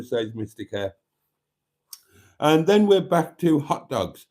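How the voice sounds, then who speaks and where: A chatty man hosting a live stream, reading viewer comments aloud and joking at his own expense. His pitch rises and falls a lot, and his tone is dark and mellow. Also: very animated, a little slow. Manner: chatty, wry, self-mocking, reads out viewer comments.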